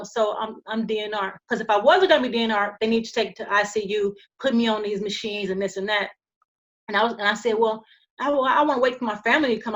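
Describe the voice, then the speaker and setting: Female podcast guest, mid-range voice, halting storyteller with many restarts and fillers, calm and earnest. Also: medium pitch, lo-fi sound. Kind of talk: personal storytelling.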